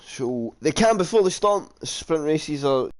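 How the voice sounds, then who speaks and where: A man's voice: fairly high pitch, very animated, unhurried. A man, commentating a sim racing league stream in a casual, jokey way, reading out chat comments and calling the grid. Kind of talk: casual live race commentary.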